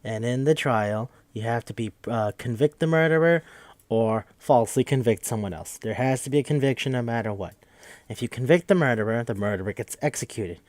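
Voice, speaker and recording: A man's voice: mid-range voice, brisk, a little mellow, no room sound. A man hosting a podcast, recapping a game in a rambling, joking, profane casual chat. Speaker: podcast host.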